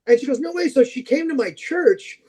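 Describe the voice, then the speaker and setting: Man, podcast guest, high voice, mellow tone, rambling animated anecdotes. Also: fairly quick, low-quality recording. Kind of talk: casual storytelling chat.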